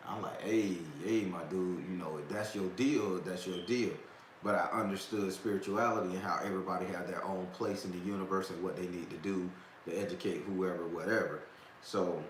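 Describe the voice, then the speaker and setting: A man's voice: deep voice, fairly bright tone. A man casually telling a long personal story to his viewers, rambling with restarts and slang. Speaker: host of a talk stream. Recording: echoey room with faint background noise.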